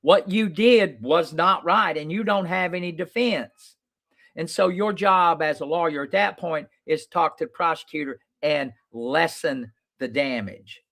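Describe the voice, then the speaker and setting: A lawyer who hosts his own show talks to viewers in a fairly high, fairly bright voice at a slightly slow pace. He's blunt and plain-spoken, swears freely, and tells stories in which he reenacts things he once said.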